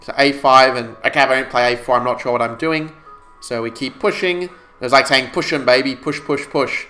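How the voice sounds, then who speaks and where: Bright-voiced man thinking aloud. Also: medium pitch, fairly even intonation, brisk, soft background music. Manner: thinks aloud, calculating moves to viewers. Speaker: chess streamer. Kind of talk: live-stream puzzle commentary.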